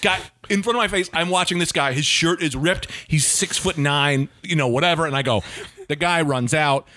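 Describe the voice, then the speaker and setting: A man who is a stand-up comedian, telling a tall story in an animated, rambling way on a podcast. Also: a little high, moderate pace, no room sound. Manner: animated, rambling, heavy on filler words. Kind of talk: comic storytelling.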